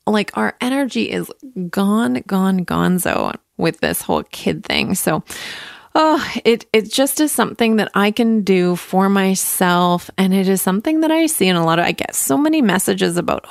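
Chatty woman podcast host, gravelly edge. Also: medium pitch, animated, normal speed, no room sound, clean studio sound. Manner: chatty, upbeat, acts out her own thoughts. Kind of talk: casual solo podcast talk. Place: home.

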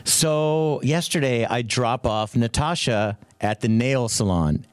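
A man hosting a morning radio show, telling a story in a lively, self-mocking way and jumping into high voices for quotes. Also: slow, smooth, no room sound, studio quality. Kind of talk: animated storytelling on air.

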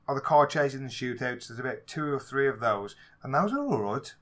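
A man with a Black Country accent, co-hosting a casual movie podcast, talking in a lively way, swearing freely and acting out scenes in raised voices. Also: mid-range voice, moderate pace. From England. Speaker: podcast co-host. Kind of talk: casual movie review chat.

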